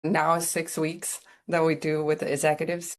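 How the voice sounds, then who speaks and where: A woman's voice: low voice, flat delivery, moderate pace. A woman with a foreign accent in English hosts a mentorship session over a video call, speaking informally and filling her sentences with "like" and "right?". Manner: informal, many "like" and "right?" fillers. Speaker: program host. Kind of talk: casual group talk.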